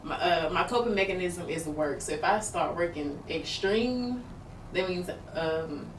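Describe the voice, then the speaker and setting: A woman's voice: fairly low pitch, a little slow. Woman talking candidly in a roomy space. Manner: open, rambling, with many fillers. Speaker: podcast co-host. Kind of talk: candid personal talk. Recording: roomy, far from the mic, noisy background.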